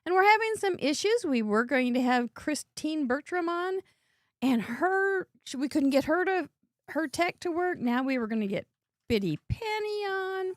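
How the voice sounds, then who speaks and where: Hosting a live crafting show, a woman chats in a bubbly way and laughs often as she works, speaking into a headset earbud. Her voice is high-pitched and animated at a moderate pace, with clean studio sound and no echo.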